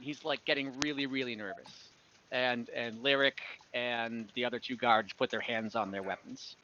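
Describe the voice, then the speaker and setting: A man's voice: mid-range voice, steady tone, moderate pace, bright, forceful tone, slight background noise. A man narrating as game master of an online tabletop game, loose and rambling with fillers. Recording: dull lo-fi online call audio.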